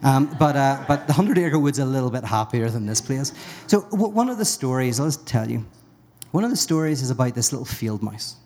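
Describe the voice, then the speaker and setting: A man's voice: medium pitch, expressive, brisk, darkish tone. A man telling a parable at a live talk, playful and rambling, often interrupting himself. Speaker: guest speaker. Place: brewery, live audience.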